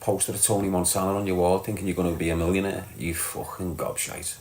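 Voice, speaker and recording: Rapid-fire and level in tone, a low-pitched Liverpool man with a Scouse accent chats casually and bluntly on his live stream, reading comments and swearing freely. His voice is darkish and reverberant, with a little hiss or hum.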